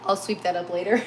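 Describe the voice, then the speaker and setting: Host, woman, middle-aged, rambling and emotional, casual livestream chat in a home kitchen with faint background noise. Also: medium pitch. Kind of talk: casual chat while baking live.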